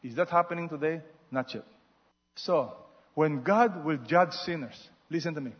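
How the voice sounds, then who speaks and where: Pastor man, husky-ish voice, big echoey church hall, muffled mic. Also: a little high, normal speed. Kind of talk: sermon. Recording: muffled sound with long hall reverb.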